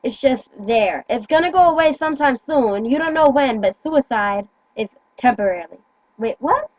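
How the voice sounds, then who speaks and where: A woman's voice: a little high, expressive, normal speed, no echo, highs cut off. A teenage girl talking earnestly into a phone in casual chat, rambling and stumbling over her words. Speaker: teen vlogger.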